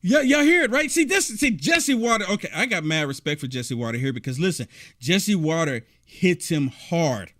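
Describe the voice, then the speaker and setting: A man's voice: a little high, very animated, moderate pace, a bit bright. A man hosting a political commentary show, reacting to clips in a rambling, repetitive, indignant rant.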